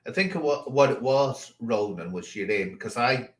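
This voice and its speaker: A man hosts a loose livestream chat at an ordinary middle pitch. He teases his guests and gets heavily sarcastic, then swings straight back to his questions. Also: expressive, unhurried, poor audio. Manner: sarcastic, teasing. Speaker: livestream host.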